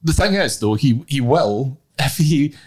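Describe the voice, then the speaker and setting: A man hosting a podcast, speaking in a measured way as he steers the conversation and thinks aloud. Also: mid-range voice, lively intonation, a little mellow, slightly rough. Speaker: podcast host. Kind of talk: casual podcast chat.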